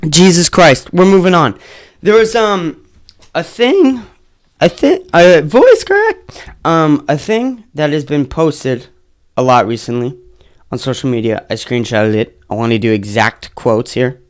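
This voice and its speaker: A podcast host in a casual solo episode, ranting and swearing heavily, swinging between muttered asides and loud outbursts. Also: medium pitch, sing-song, a little slow. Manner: profane, heated ranting.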